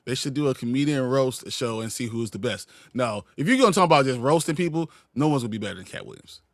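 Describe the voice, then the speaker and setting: Man, casual livestream chat, joking and loose, mid-pitched voice, dry close sound. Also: expressive, fast talker, dry recording. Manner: loose, joking, reads chat comments aloud. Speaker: livestream co-host.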